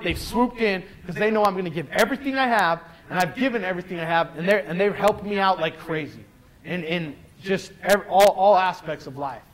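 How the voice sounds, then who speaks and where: A man with a high, fairly bright voice gives an earnest, emphatic motivational talk as a guest speaker to a live weight-loss group. He restarts often and asks the audience direct questions, and the recording is rough.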